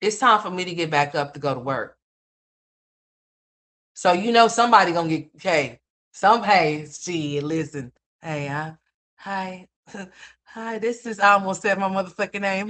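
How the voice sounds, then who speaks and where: A woman's voice: fairly low pitch, a little slow, long pauses, a bit bright. A woman in her fifties hosting a livestream, telling blunt, profane stories to her chat and laughing at her own jokes. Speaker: livestream host. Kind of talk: casual profane storytelling to a live chat.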